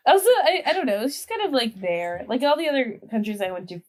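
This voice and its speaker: A woman's voice: a little high, very animated, fast talker, a little mellow. Chatty young woman guest on a podcast. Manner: chatty, leans heavily on "like". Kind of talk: casual chat.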